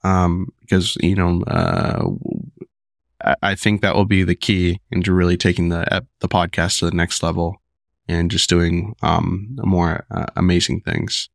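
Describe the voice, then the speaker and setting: A man hosting his own podcast, talking casually with lots of fillers and restarts while sick and rough-voiced. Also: sits low, fairly even intonation, unhurried, no room sound, clean studio sound. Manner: rambling, many fillers and restarts. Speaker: podcast host. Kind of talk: casual solo podcast talk.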